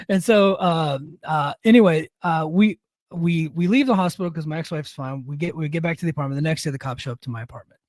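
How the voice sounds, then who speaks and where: A man's voice: a little high, brisk, a little mellow, no room sound. A middle-aged man casually telling a rambling, profane anecdote on a podcast, with many restarts. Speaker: podcast host. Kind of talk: casual storytelling.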